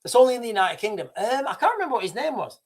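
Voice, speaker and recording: A man's voice: very high-pitched, very animated, racing. A man hosting a live stream, talking casually and rambling with many restarts. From Britain. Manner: rambling, restarts, chuckles at himself. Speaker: livestream host.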